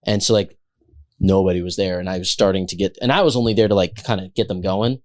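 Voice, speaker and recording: A man, a chef who is a guest on a podcast, telling animated stories in casual chat and acting out the voices of the people in them. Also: sits low, fast. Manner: animated, acts out quoted voices.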